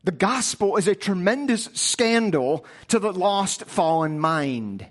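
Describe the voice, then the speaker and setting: A man's voice: high voice, expressive, slow pace. A male preacher delivering a sermon with emphatic rhetorical questions, often repeating himself as he presses a point.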